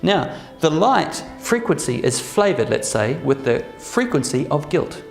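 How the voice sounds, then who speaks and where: A man leads a relaxed workshop, his fairly high voice carrying a gravelly edge. He keeps checking in with the group through quick tag questions. The recording sounds roomy and echoey, with faint music underneath. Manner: chatty, checks in with the group using frequent "okay?" and "right?". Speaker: workshop presenter. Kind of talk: casual workshop talk to a live group.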